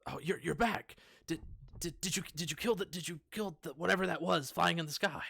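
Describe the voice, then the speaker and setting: A man's voice: fairly high pitch, brisk, creaky, pushed and bright, husky, dry recording, clean studio sound, pitched above the performer's own voice, full character voice. A man voicing a flustered male village shopkeeper who stammers and frets in a tabletop game. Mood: anxious. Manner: fretful, stammering pleas.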